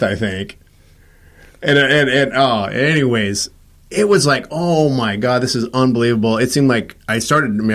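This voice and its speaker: A man's voice: on the low side, a bit bright. A man sharing a personal story in casual conversation, acting out the dialogue of the people in it with frequent restarts. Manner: acts out quoted dialogue, many restarts. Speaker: host telling his own story.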